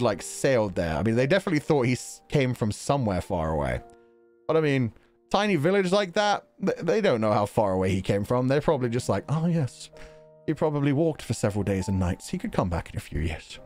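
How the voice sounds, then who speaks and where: A male streamer reads viewer donations aloud and chats casually, rambling from one idea to the next. His pitch leaps around expressively as he talks. A faint bed of music plays behind him. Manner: animated and rambling, laughs often.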